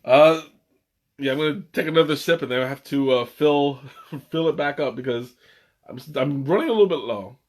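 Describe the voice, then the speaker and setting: Young male stream host, slightly high voice, enthusiastic and rambling, lots of restarts. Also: moderate pace. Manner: rambling, many restarts and fillers; excitable, laughs often. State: has the hiccups. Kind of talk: casual live-stream chat.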